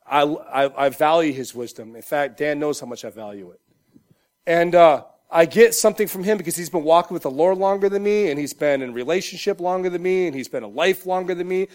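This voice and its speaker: Young male pastor, high voice, animated sermon, loud peaks and quiet asides. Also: fairly quick. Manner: animated preaching, swings from shouting to quiet asides.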